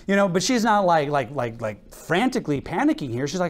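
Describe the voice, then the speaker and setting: An American man preaching from the pulpit, his voice sitting a bit high and swinging widely up and down. He acts out little exchanges between people and often breaks into laughter between verses. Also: very animated, brisk, few pauses. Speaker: pastor. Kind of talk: sermon.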